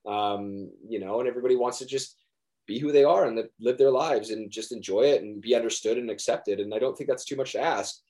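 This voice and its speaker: A man's voice: mid-range voice, a little fast, warm tone. A young man, an actor being interviewed, talking earnestly in a rambling way with many restarts. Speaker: actor guest. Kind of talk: casual interview chat.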